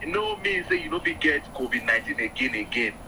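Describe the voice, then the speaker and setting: Lively Nigerian Pidgin doctor explaining. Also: male voice, mid-range voice, quick pace, background noise. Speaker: doctor guest. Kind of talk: explaining on radio.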